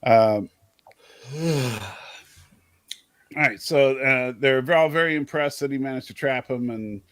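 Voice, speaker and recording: A man's voice: medium pitch, slow, fairly bright tone, dry recording. A man hosting a livestream and chatting casually about a show, teasing his co-host and stumbling over restarts. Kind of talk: casual show discussion with chat.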